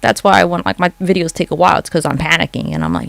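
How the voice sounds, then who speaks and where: A mid-range, expressive voice with vocal fry moves at a quick pace, with no room sound. It's a livestreamer rambling late at night at home into a phone, cursing freely and replying to chat comments.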